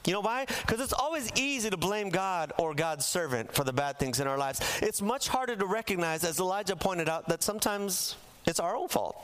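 A man's voice: high voice, expressive, fairly quick, hardly any pauses, a bit bright, clear, resonant tone. A man preaching a sermon in a church, telling a Bible story with humor and acting out the characters' lines for the congregation. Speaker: pastor. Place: church sanctuary.

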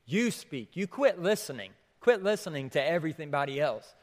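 A man's voice: on the high side, sing-song, normal speed. Preaching man in a reverberant hall. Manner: repeats questions for emphasis, drops to near whisper then rises. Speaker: pastor. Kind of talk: sermon.

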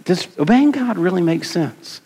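A man's voice: high-pitched, expressive, moderate pace, dark tone, breathy edge. A middle-aged man preaching a sermon in a conversational way, repeating words and asking his congregation questions. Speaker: pastor. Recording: long hall reverb.

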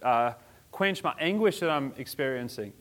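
A man's voice: mid-range voice, animated, moderate pace, fairly bright tone, close to an everyday voice. A man voicing a rich man in torment, pleading in a whiny, begging way.

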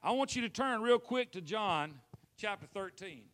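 A man preaching a lively sermon, calling out to the congregation and acting out scripture scenes. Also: high voice, normal speed. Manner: animated, calls for responses, acts out scenes.

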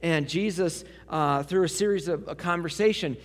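A man preaching a sermon, swinging from loud emphasis to hushed near-whispers. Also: a little high, normal speed, hardly any pauses. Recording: long hall reverb.

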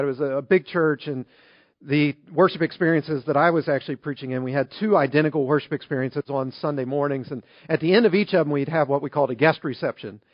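A man preaching a sermon as pastor, telling a story in a conversational, animated way. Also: fairly high pitch, no room sound. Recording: dry, slightly dull recording.

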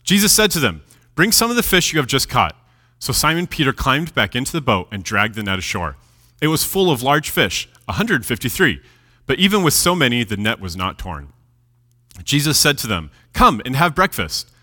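A man preaching a sermon, reading scripture aloud and explaining it with animated delivery, dropping his voice low at key moments. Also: normal speed. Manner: lively, animated preaching with dramatic drops in volume. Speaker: pastor. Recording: long hall reverb.

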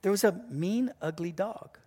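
A man preaching a sermon, telling a story with lively delivery, sometimes dropping to a hushed voice for emphasis. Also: high-pitched, normal speed. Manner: animated storytelling, acts out voices and sounds. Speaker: pastor.

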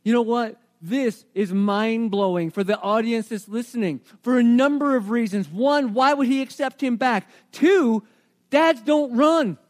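A man preaching a sermon, retelling a story with animated energy and frequent rhetorical questions. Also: very high voice, a little slow.

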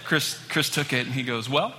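A man preaching a storytelling sermon to a congregation, acting out the people in his stories with growing excitement. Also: mid-range voice, a little fast, slight background noise. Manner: animated, acts out quoted people, rising excitement. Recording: long hall reverb, faint ambience.

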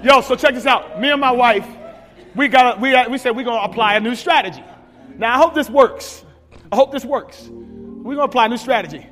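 A man preaching a sermon, telling stories with big shouts and sound effects. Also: extremely high pitch, brisk, big-room sound, faint music behind. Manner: animated storytelling, shouting at peaks, sound effects. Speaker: pastor.

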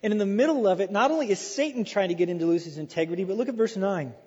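A man preaching a sermon in a lively, animated way, acting out quoted voices and repeating phrases for emphasis. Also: sits high, rapid-fire, breathy edge. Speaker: pastor. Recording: dull lo-fi sound with long hall reverb.

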